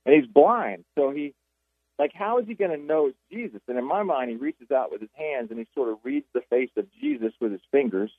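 A man, an author and radio guest, retelling Bible stories with animated storytelling and many restarts. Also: mid-range voice, fairly quick, slightly rough, dry recording. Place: Jacksonville. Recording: tinny phone line.

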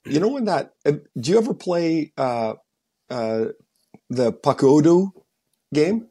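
Husky-voiced middle-aged man telling stories. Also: fairly high pitch, big pitch swings, measured pace, mellow. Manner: storytelling, acts out quotes, laughs. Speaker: podcast co-host, former hockey player. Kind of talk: casual chat.

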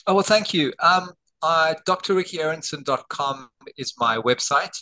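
Bright-voiced Australian man telling stories. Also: on the high side, moderate pace, poor audio. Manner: lively anecdotes, acting out quoted dialogue. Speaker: guest, doctor and author. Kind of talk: interview storytelling. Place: home. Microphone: video call on borrowed telehealth equipment.

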